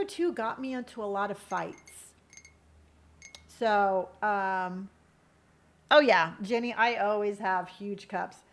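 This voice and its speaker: A middle-aged woman hosting a live stream, telling personal stories in a casual, animated and profane way. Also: medium pitch. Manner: animated, profane, emotional storytelling. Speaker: streamer host.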